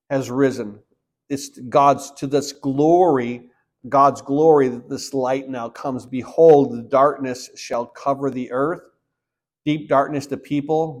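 Man, pastor, sermon, mid-range voice, reads scripture then explains, loud on key verses, quiet on closing points. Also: medium pitch.

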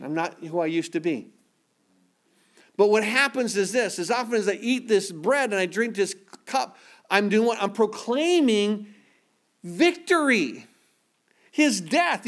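A man with a notably high-pitched voice leads a church sermon as pastor. He preaches with emphasis, driving points home with rhetorical questions, and moves into prayer.

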